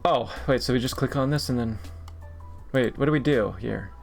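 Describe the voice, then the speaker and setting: A man chats his way through a geography game on stream, grumbling and cursing at his misses. His voice has a gravelly fry at a middle pitch, and faint music plays underneath. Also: normal speed. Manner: frustrated, swearing, talking to himself while playing. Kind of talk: casual gaming stream commentary.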